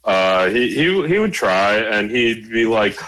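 A man's voice: fairly low pitch, sing-song, slow pace, fairly bright tone, poor audio. A man riffing through jokes in a casual chat, rambling with fillers.

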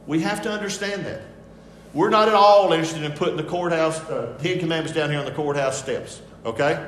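Emphatic preacher in an echoey hall. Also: male voice, fairly high pitch, animated, a little fast, slight background noise. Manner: emphatic, repeats key phrases, swings between soft asides and loud declarations. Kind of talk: sermon with picture slides. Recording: echoey hall with faint ambience.

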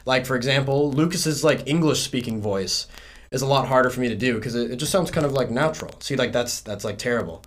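A man's voice: medium pitch, fast, a little hiss or hum. A man, chatting loosely as a podcast guest and filling his talk with "like". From South Carolina, USA. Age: 20s. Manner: rambling, heavy on fillers like "like". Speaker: podcast guest, music student. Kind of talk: casual interview chat.

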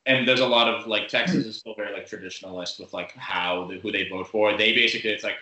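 Casual rambling man, bright echoey sound. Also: fairly low pitch, steady tone, fast talker. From Massachusetts. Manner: rambling, lots of fillers. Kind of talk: casual chat.

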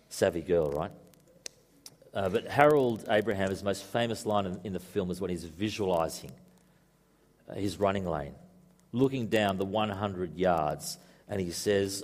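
A man's voice: low voice, moderate pace, long pauses, darkish tone. A man preaching a sermon to a congregation in a conversational way, mixing in joking asides. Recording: echoey hall reverb.

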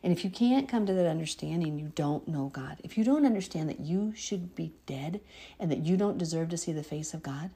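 Woman Bible teacher, earnest and preachy, husky mellow voice, casual sermon delivery. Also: deep voice, lively intonation, fairly quick. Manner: earnest, preachy, chokes up emotionally.

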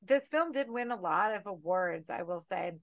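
A woman co-hosting a horror film podcast, talking casually with lively, profane rants. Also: mid-range voice, moderate pace, no room sound. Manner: animated, profane, ranting. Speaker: podcast co-host.

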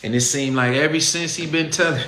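A man's voice: fairly high pitch, fairly quick. Heated Chicago man ranting in an echoey room. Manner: blunt, heated, slangy, talks straight to the audience. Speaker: podcast host. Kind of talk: casual rant to listeners. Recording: echoey room with faint ambient noise.

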